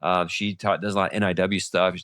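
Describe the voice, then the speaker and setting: Male podcast host, very low voice, quick and rambling, sore throat, close dry mic. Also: flat delivery, a bit bright, no room sound. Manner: fast-talking with many restarts and fillers. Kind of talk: casual monologue on legal updates.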